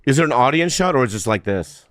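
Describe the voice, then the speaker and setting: A man co-hosting a comedy podcast, playful and quick to laugh in casual chat. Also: medium pitch, lively intonation, no room sound, clean studio sound. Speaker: podcast co-host.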